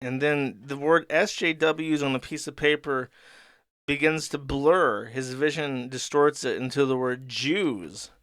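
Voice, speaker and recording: Male host, crude and rambling, smooth and clear voice, dry close mic. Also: medium pitch, unhurried, a bit bright, no room sound. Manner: rambling, crude and sardonic, with fillers. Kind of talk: comedic commentary reading a comic.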